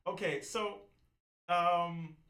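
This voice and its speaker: A man hosting a casual podcast chat, talking in a relaxed, rambling way with lots of fillers. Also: sits high, very slow. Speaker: host.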